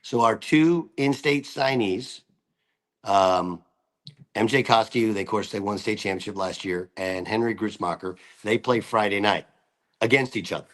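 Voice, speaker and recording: A man's voice: on the low side, normal speed. A man, a college basketball coach, chatting casually as a radio guest, rambling and joking with frequent restarts.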